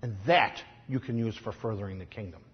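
A man with a Chicago accent preaching a sermon, telling stories in a conversational way and swinging from quiet asides to loud, emphatic lines. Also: on the low side, fairly quick, highs cut off. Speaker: pastor.

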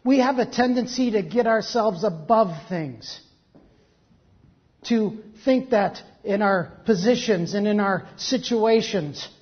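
A pastor preaching, reading a story slowly and then breaking into quick, joking asides. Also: medium pitch. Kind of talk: sermon with a story read aloud. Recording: dull lo-fi recording.

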